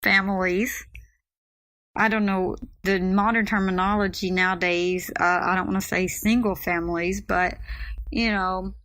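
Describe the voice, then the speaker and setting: Mom vlogger, middle-aged, chatty storyteller, dry close sound. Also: female voice, medium pitch, fairly even intonation, unhurried, a bit bright, dry recording. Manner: chatty, acts out quoted voices. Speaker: vlogger, mother. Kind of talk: casual storytelling to camera.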